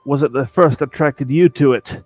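A man voicing a worldly, rough-talking male seafaring adventurer with a folksy put-on drawl, reading game dialogue. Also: mid-range voice, normal speed, darkish tone, no room sound, faint music behind, voice pushed down, close to an everyday voice.

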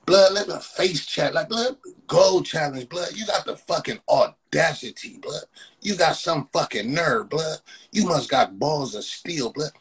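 A man hosting a phone livestream, loudly roasting and mocking his viewers with profane banter, tagging "blood" onto nearly every phrase. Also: fairly high pitch, animated, a little slow, breathy edge, low-quality recording. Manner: loud, mocking, repeats "blood" constantly. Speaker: livestream host. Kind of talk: profane Instagram live roast.

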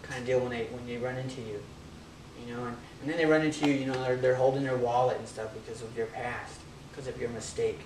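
A man's voice: mid-range voice, steady tone, quick pace, darkish tone, recorded from a distance, slight background noise. Casual preaching man in an echoey hall. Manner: casual, conversational preaching with jokes and asides. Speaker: pastor. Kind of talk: sermon.

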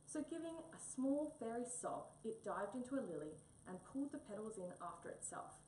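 A woman reading a children's picture book aloud in an expressive storybook manner. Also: on the high side, moderate pace. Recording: echoey room, mic a bit far, faint hum.

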